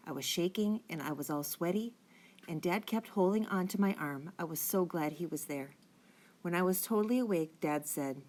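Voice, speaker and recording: A woman reads a children's chapter book aloud with a clear, steady storytelling manner. Her voice sits on the low side for a woman. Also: normal speed. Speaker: audiobook reader.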